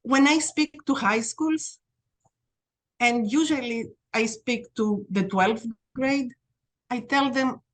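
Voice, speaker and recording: A middle-aged woman from Greece, a podcast guest telling stories in a lively way and acting out the dialogue. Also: a little high, slow pace. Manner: animated storyteller, reenacts dialogue. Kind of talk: storytelling interview.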